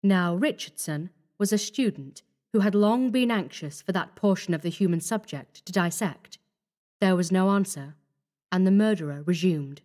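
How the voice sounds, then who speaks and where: A woman narrating a horror story in a measured, grave manner. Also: fairly low pitch, a little mellow.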